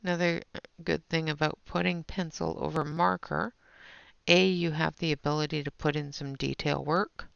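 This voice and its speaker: A woman's voice: low-pitched, steady tone, normal speed, creaky, fairly bright tone, no room sound. A woman hosting a live colouring stream, chatting casually with viewers while she works. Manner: chatty, talks to viewers in chat while working. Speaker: livestream host. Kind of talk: casual livestream chat while demonstrating colouring. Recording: dull lo-fi stream audio.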